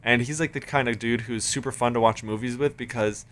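A man's voice: mid-range voice, fairly even intonation, brisk, fairly bright tone. A man chatting casually as a podcast co-host, laid-back and full of fillers. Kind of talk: casual chat.

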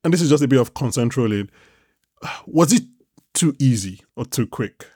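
A man hosting a casual podcast, rambling and animated, swearing freely. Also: medium pitch, moderate pace, slightly rough, dry recording, clean studio sound. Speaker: podcast host. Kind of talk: casual chat.

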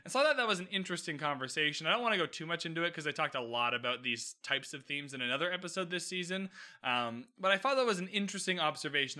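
A man hosting a casual solo podcast recap, animated and sarcastic, swearing freely and laughing often. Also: fairly high pitch. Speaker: podcast host recapping a TV episode.

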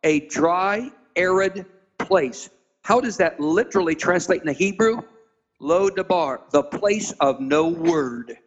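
A man with a high voice tells a Bible story as a sermon, jumping into even higher voices for the figures he acts out. He slows down to spell out and stress Hebrew words. The recording sounds dull and muffled. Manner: acts out quoted characters with sudden high-pitched voices. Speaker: pastor being interviewed. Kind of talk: preaching, dramatic Bible storytelling.

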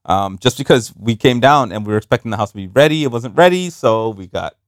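Casting: man in his 30s, New York-raised, animated co-host, dry close sound. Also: mid-range voice, fast talker, no echo. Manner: animated storytelling, laughs often, mixes in Spanish words. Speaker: podcast co-host. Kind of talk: casual chat over beers.

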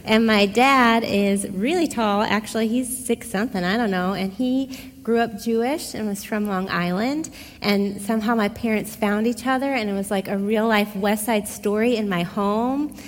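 A middle-aged woman telling a personal testimony in a casual, expressive way, speaking straight to her listeners. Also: mid-range voice, moderate pace. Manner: conversational, expressive, addresses listeners directly. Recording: long hall reverb.

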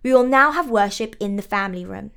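A woman's voice: quick pace, gravelly, a bit bright, clear, resonant tone. A woman voicing a stern mother with a German accent, speaking in a firm, commanding way in a storybook reading. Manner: firm, commanding, rising in pitch. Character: stern German mother leading family worship.

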